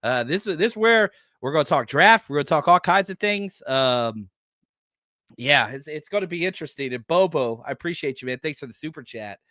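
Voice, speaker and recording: A man hosts a live postgame fan show, his voice swinging widely up and down as he talks bluntly about the game. His pitch sits a little high for a man. The sound is dry and close, with no room echo. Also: fairly quick. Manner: animated, blunt, reads out viewer chats. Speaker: podcast host.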